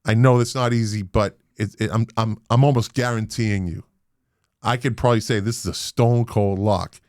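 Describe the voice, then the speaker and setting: Boston guy hosting a podcast, lowish voice, dry close sound, gets loud and emphatic. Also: normal speed, no echo. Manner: animated, emphatic, swears casually. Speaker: podcast host. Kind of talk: casual interview chat.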